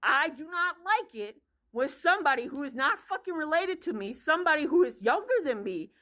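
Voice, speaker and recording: A woman's voice: sits high, expressive, a little fast, fairly bright tone. A woman in her thirties telling a story as a casual vlog rant, blunt and profane, sounding exasperated. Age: 30s. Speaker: vlogger.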